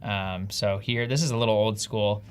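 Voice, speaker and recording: A man's voice: fairly low pitch, fairly even intonation, moderate pace, clean tone. Chatty man with a Jersey accent. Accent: New Jersey. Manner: upbeat, chatty, self-deprecating. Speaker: livestream co-host. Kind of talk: casual live-stream chat.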